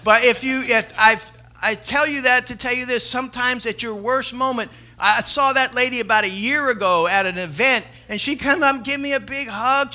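A man's voice: very high voice, moderate pace, hardly any pauses, sharp tone. A middle-aged man preaching a sermon as a pastor, telling a story earnestly and building to emphatic exhortation.

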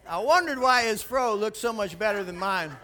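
Man, pastor, high voice, bright tone, sermon, lively storytelling. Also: unhurried. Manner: animated storytelling, drops low and quiet for tense moments, then rises and preaches.

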